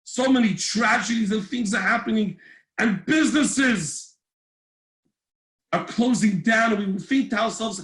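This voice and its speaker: A man, a rabbi, telling a faith story in an animated, emotional way and acting out its characters. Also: high-pitched, unhurried. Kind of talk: storytelling lesson. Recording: echoey room.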